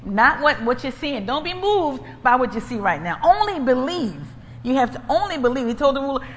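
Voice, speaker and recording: Lively woman preaching in an echoey hall. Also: high-pitched, a little fast, hardly any pauses. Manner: emphatic, repetitive, conversational. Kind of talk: preaching with personal testimony. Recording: echoey hall, faint ambient noise.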